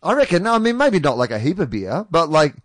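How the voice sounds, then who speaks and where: A man's voice: a little high, very animated, fairly quick, a bit bright, no echo. A man with an Australian accent co-hosting a casual sports chat, joking and acting out mock dialogue. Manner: jokey, acts out mock dialogue. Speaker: podcast co-host.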